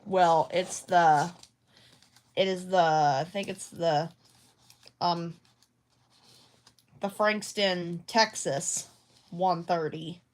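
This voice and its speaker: A woman's voice: lowish voice, steady tone, extremely slow, long pauses, a little mellow. A woman vlogging casually at home about her craft projects, rambling and hesitant with many restarts. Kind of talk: casual talk to camera.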